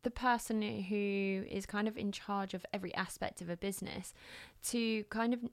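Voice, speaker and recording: A woman in her thirties muses in a relaxed co-host chat. Her pitch sits in the middle, and the recording is dry and close. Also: moderate pace, vocal fry, no room sound. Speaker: podcast co-host. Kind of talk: casual chat.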